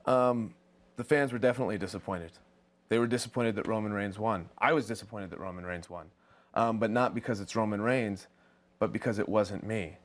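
A professional wrestler in an interview, talking in an earnest, emphatic way. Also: male voice, on the low side, fairly quick. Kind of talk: backstage interview.

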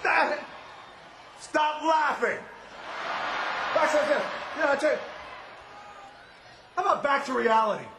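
A pro wrestler cutting a boastful, shouting arena promo and referring to himself in the third person. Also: male voice, very high voice, slow, long pauses. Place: large indoor arena. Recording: echoey arena with faint crowd noise.

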